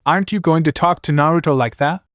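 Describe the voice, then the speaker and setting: Man reading as a quiet reserved boy, blunt, protective, dry sound. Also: fairly high pitch, quick pace, dry recording, voice pushed up, close to an everyday voice.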